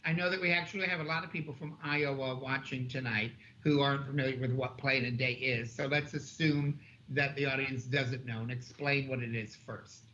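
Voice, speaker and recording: A man's voice: medium pitch, fairly even intonation, brisk, few pauses, bright, forceful tone. A man in his sixties co-hosting a livestream, who tells stories bluntly and with animation. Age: 60s. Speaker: co-host. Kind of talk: livestream chat, venting story. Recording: lo-fi with faint hiss.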